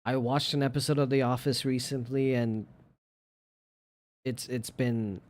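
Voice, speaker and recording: A male streamer in a loose, unhurried chat with his viewers, speaking slowly at an ordinary mid pitch. He is playful and gushing, easily tipping into excited, squeaky exclamations. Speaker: live streamer. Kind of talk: casual stream chat reacting to viewer pictures.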